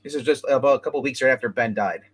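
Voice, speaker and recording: A man's voice: medium pitch, rapid-fire, a bit bright, husky. A man hosting a casual chat show, rambling through a comic book review with many restarts and asides.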